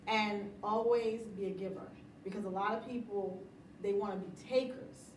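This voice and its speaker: A woman's voice: medium pitch, steady tone, normal speed, distant mic, slight background noise. Emphatic woman in an echoey room. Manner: emphatic, motivational, laughs often. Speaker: interview guest, business owner. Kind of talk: casual interview chat.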